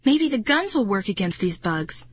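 A woman voicing a frightened young boy who stammers and cries out in panic, in a husky voice. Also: mid-range voice, very animated, moderate pace. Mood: alarmed.

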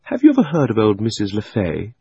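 A man playing a crafty old magician uncle who coaxes and flatters while hiding his greed. He stretches his words slowly, and his pitch climbs and swoops, over a husky audiobook voice. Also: dull audio, full character voice. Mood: wheedling. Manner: wheedling and sinister, drawn-out words. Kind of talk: audiobook reading.

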